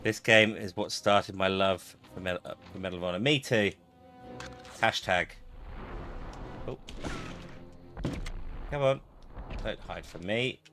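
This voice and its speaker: A chatty man riffs and reacts while he plays through an old shooter, his voice pitched a little low yet bright and punchy. Faint music sits behind his talk. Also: measured pace, long pauses. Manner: chatty, jokey, reacts aloud to the game. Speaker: gaming streamer. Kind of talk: casual gameplay commentary.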